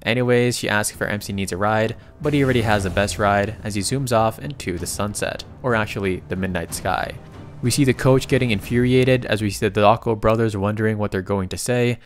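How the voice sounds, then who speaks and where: A man narrating a comic recap in a casual, excitable way, often breaking into exclamations. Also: fairly low pitch, brisk, faint music behind.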